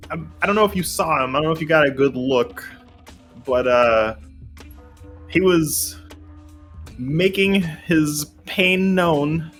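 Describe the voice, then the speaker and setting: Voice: mid-range voice, fairly bright tone. A tabletop game player speaking casually and hesitantly, with rambling restarts. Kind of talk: casual tabletop role-play.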